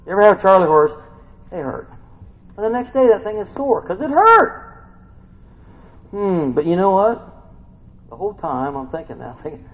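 A man's voice: fairly high pitch, big pitch swings, moderate pace, lo-fi sound. A man preaching a sermon as pastor, folksy and exclamatory, often asking his listeners "huh?".

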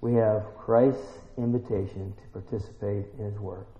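A man preaching a sermon, emphatic and full of rhetorical questions, building to excited peaks. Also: fairly low pitch, moderate pace. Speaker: pastor. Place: church. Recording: roomy church, dull lo-fi sound.

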